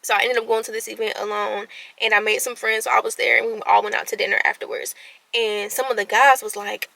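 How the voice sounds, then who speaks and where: A woman's voice: on the high side, quick pace, creaky, no room sound, low-quality recording. A woman in her late twenties talking candidly about her feelings, her voice at times cracking as she holds back tears. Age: 20s. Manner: candid, expressive, swings between soft and loud. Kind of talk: emotional personal venting.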